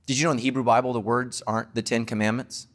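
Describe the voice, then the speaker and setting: A man, a pastor, preaching an emphatic sermon to his congregation and closing with a quiet prayer. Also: mid-range voice, little pitch movement, racing.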